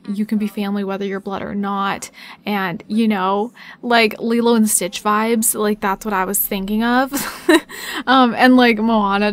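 A young woman giving casual, excitable gameplay commentary, talking fast and chatty as she plays. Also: mid-range voice. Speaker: gaming YouTuber.

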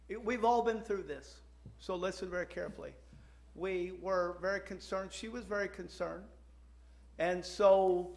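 A man who is a pastor, chatting and joking with his congregation, then praying earnestly. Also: high-pitched. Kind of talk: sermon announcements and prayer. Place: church sanctuary.

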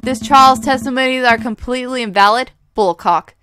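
A woman's voice: sits high, moderate pace, a bit bright. A woman reading an earnest, reflective male rooster prosecutor explaining himself in a game. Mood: incredulous.

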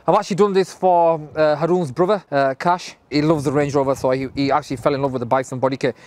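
A man hosting a casual vlog and giving an enthusiastic, rapid rundown of customized cars outside a showroom. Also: fairly high pitch, steady tone, a little mellow. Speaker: vlogger showing cars. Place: outdoors by a car showroom, then inside. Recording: music playing behind.

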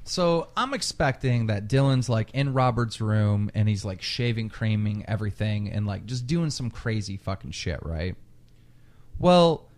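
Pitched on the low side and speaking at a measured pace, a male podcast host tells a long, casual story. Cursing freely, he brings the quoted lines to life with animated impressions.

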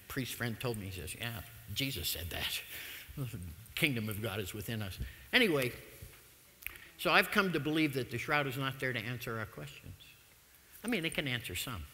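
A man, telling stories through a public talk in a humorous, animated manner. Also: medium pitch, slight background noise. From United States. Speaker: lecturer. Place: lecture hall. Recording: long reverb of a lecture hall.

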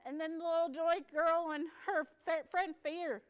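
A woman's voice: very high-pitched, steady tone, normal speed, muffled recording. A woman giving a peer support workshop at a conference, chatty and joking, laughing often. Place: conference session room.

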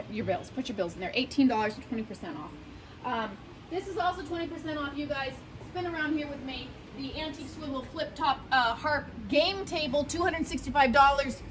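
A woman casually walking through an antique shop, listing prices in a chatty, playful way with jokey asides. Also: high-pitched. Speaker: shop host touring sale items. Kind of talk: casual product walkthrough.

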